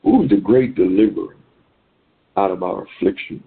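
A man's voice: sits low, moderate pace, husky. A man preaching a sermon to listeners on a conference call, exhorting in a repetitive preaching cadence. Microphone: phone call. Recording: tinny phone line.

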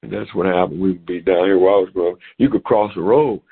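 A middle-aged man preaching a sermon over a phone call, animated and repeating words as he goes. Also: deep voice, fast talker, gravelly, husky. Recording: tinny phone-line sound.

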